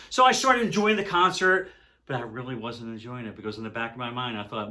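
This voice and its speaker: Animated older man telling stories. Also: medium pitch, brisk. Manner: animated, swings between loud excitement and hushed dread. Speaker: music vlogger. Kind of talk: casual storytelling to camera.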